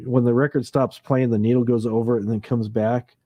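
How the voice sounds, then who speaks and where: A man's voice: medium pitch, flat delivery, fairly quick, warm tone, no echo, clean studio sound. A man hosting a late-night livestream, rambling casually, laughing easily and imitating sounds as he reminisces. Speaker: livestream host. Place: home livestream setup.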